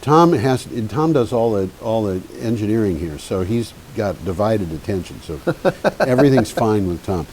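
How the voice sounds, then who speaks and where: A man's voice: fairly low pitch, animated, normal speed, darkish tone. A man co-hosting an energy news show, chatting casually and telling stories with frequent laughs. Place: community TV studio. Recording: faint hiss.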